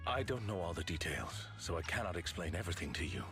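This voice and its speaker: A very deep-voiced, courteous attendant from a video game. His delivery rises and falls expressively, formal and apologetic, while game music plays clearly behind him. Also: sing-song, fast talker. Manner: polite, formal speech.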